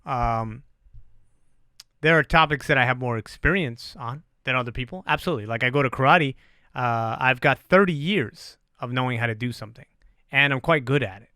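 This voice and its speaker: A middle-aged man hosting a podcast, talking in an animated, profane, self-deprecating casual chat. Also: a little high, no room sound, studio quality. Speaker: podcast host.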